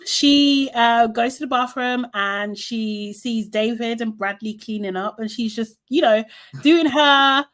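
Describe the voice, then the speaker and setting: A woman with a fairly bright, high-leaning voice co-hosts a podcast at an unhurried pace. She recaps a reality show in chatty conversation, laughs often, and acts out quotes.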